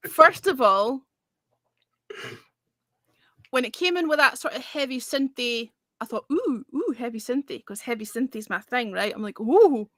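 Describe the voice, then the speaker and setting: A woman's voice: on the high side, measured pace, pauses often, bright, forceful tone, no echo, studio quality. A woman hosting a casual livestream music review, blunt and sweary in manner. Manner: blunt and sweary, talks with her hands. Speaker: host.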